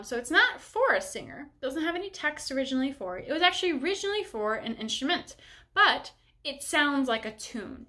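Young female teacher, bright slightly high voice, cheerful step-by-step instruction. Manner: upbeat, encouraging, explains step by step. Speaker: bassoon teacher. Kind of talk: instructional music lesson.

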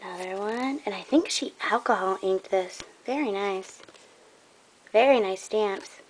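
A woman's voice: medium pitch, unhurried, slight background noise. A young woman showing off a craft trade in a casual vlog, gushing and admiring, a bit out of breath.

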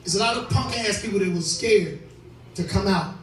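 Brash high-voiced comedian in an echoey club. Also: male voice, normal speed, a bit bright, faint music behind. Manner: brash, profane, laughing often. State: drunk. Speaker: comedian hosting a show. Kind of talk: stand-up crowd work. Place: live club with audience. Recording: echoey room, distant mic, crowd noise.

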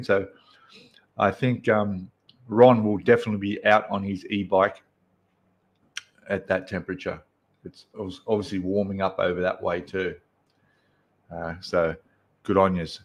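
A man's voice: low-pitched, level tone, a little slow, pauses often. A man with an Australian accent hosting a casual live stream, chatting and greeting viewers one by one.

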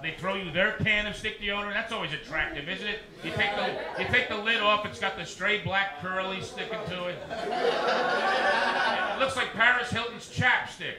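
A man performing a stand-up comedy set on a dive bar stage, doing quick crowd work and asides to the audience. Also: sits high. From New Jersey. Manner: animated crowd work, rapid asides to hecklers. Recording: echoey bar with loud rowdy crowd.

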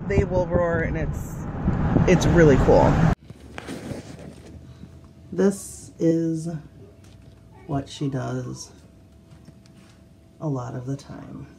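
A woman's voice: medium pitch, noisy background. A woman hosting a casual cooking vlog, chatting in a rambling way with fillers and asides. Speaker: cooking vlogger. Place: car, then home kitchen.

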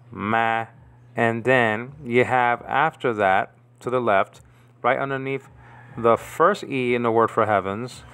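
A man walks through Hebrew letters in an informal lesson, restarting his sentences and asking "okay?" over and over. His voice is smooth and clear at a middling pitch. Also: fairly bright tone, no echo. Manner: halting, repeats words, checks in with "okay?". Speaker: Bible language teacher.

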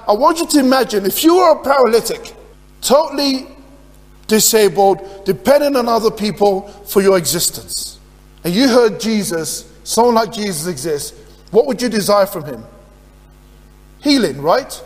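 A man's voice: high-pitched, expressive, normal speed. A man preaching as pastor, earnest and putting questions to his congregation. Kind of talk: sermon. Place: church. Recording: reverberant church hall.

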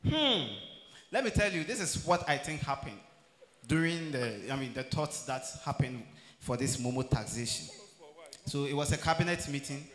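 A Ghanaian man with a Ghanaian English accent doing a loud, playful stand-up comedy set on a theatre stage, switching into local slang and quick impressions. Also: mid-range voice, expressive. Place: large theatre stage with a live audience. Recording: roomy theatre with long reverb.

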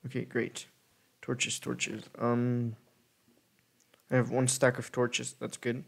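A man at an ordinary middle pitch narrating his own gameplay in a loose, unscripted way. He thinks aloud, corrects himself and rambles from one thought to the next. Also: monotone, slow, vocal fry. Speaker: gaming video creator. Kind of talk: casual gameplay commentary.

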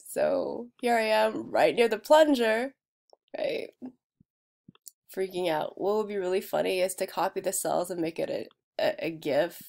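A woman narrating her own casual vlog, rambling and laughing at herself, sometimes dropping to a soft near-whisper. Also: mid-range voice, expressive, a little slow, creaky. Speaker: video creator.

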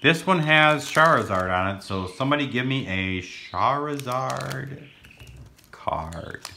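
Brief: goofy rambling man opening card packs, bright tone, unhurried, faint noise behind. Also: medium pitch, animated, gravelly. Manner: goofy, rambling, bursts into silly sing-song. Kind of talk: casual pack-opening commentary.

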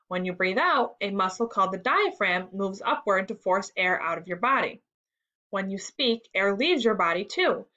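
Elderly storybook gentleman who lectures precisely, voiced by a woman reading aloud. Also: sits high, lo-fi sound. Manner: explanatory, precise. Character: elderly man, lecturing chess friend.

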